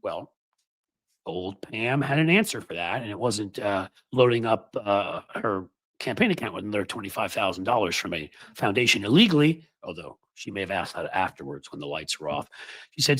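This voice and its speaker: Sarcastic guy ranting about politics, husky bright voice, bounces up and down a lot. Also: sits low, animated, fairly quick, no room sound. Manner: sarcastic, mocking asides. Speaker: political commentary host. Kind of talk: casual political commentary.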